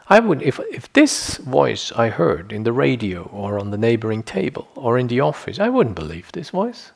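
A man's voice: mid-range voice, wildly swooping pitch, moderate pace, vocal fry, hardly any pauses. A middle-aged man giving a meditation teaching, reflective and conversational, often checking in with "you know" and "yeah". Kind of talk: dharma talk.

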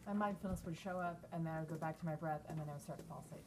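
Low-voiced woman asking earnestly. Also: rapid-fire, a little mellow. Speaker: class participant asking a question.

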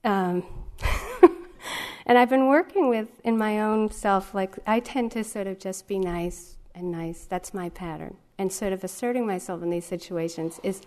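A woman's voice: medium pitch, measured pace, darkish tone. A woman meditation teacher giving a dharma talk, telling a story with lots of amused laughter before moving into teaching. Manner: amused, laughs often while telling stories. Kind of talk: dharma talk with a personal anecdote. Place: retreat center meditation hall.

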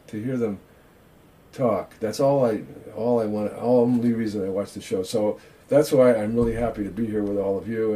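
A man's voice: fairly low pitch, warm tone. An older man, a Zen teacher, giving an informal dharma talk over a video call in a chatty, self-mocking way.

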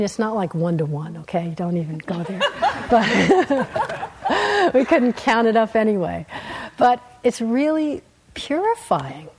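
Gentle husky woman meditation teacher. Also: mid-range voice, poor audio. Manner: gentle, unhurried, with soft laughs and quiet trailing endings. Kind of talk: dharma talk. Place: meditation hall.

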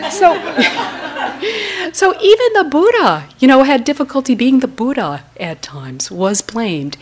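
Middle-aged woman meditation teacher, reflective and soft-spoken, husky, expressive rises and falls. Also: on the low side. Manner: gentle, reflective, often whispery. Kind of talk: dharma talk.

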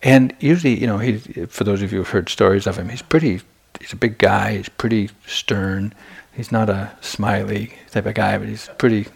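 A man gives an evening dharma talk at a retreat and tells his own story in a frank, self-deprecating way. His voice sits low and has a gravelly, slightly husky texture. He talks casually and often restarts his sentences. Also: moderate pace, few pauses. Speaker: meditation teacher. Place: retreat center meditation hall.

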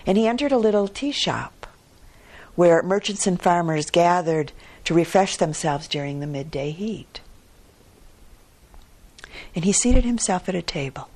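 A woman meditation teacher telling a story in a dharma talk, unhurried and gently expressive. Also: fairly low pitch.

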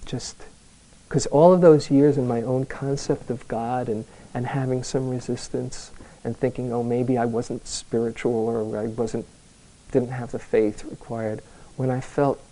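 A man giving a dharma talk to a live group as a meditation teacher, telling a personal story slowly, with hesitant restarts. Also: mid-range voice, dark tone, rough recording.

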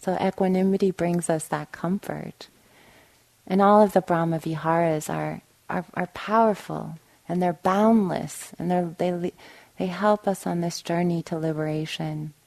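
A woman's voice: lowish voice, fairly even intonation, measured pace, gravelly, low-quality recording. A woman meditation teacher giving a dharma talk, often checking in with listeners and telling a story. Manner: warm storytelling with frequent "right?" asides. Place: meditation hall.

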